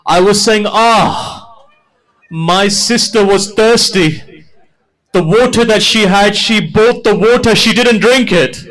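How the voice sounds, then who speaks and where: Grieving preacher with an impassioned, rising voice. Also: male voice, slow pace, rough recording. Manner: builds from soft storytelling to high, loud, wailing climax; quotes figures in dialogue while narrating. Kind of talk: Muharram sermon, mourning narration.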